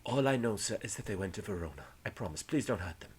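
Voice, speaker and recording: A man voicing a frightened young woman who pleads quietly. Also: fairly low pitch, expressive, quick pace, slight background noise, close to an everyday voice. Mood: pleading.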